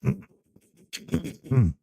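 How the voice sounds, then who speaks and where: A man's voice: very slow, warm tone, dry recording, clean studio sound. A man hosting a live stream, chatting casually and teasing his viewers in a joking way. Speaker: livestream host.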